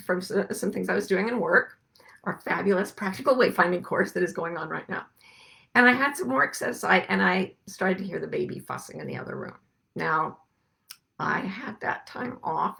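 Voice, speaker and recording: A middle-aged woman hosting a reflective spiritual talk, speaking gently and musing, slowing down to stress her points. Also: mid-range voice, gravelly. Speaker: podcast host and life coach.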